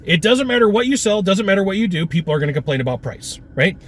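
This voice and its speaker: A man giving an energetic, punchy sales coaching talk with lots of repetition. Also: high voice, quick pace.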